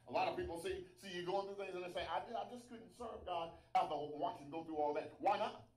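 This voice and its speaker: A man's voice: sits high, fast talker, a little mellow, echoey room, low-quality recording. A man preaching a sermon, asking rhetorical questions and restarting his sentences. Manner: call-and-response questions, stammering restarts.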